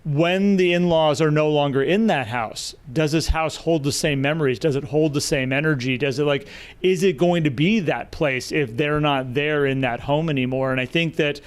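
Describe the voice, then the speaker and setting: Reflective man with a smooth voice. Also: on the high side, normal speed. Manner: reflective, talks about being a parent. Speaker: podcast co-host. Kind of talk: live podcast conversation.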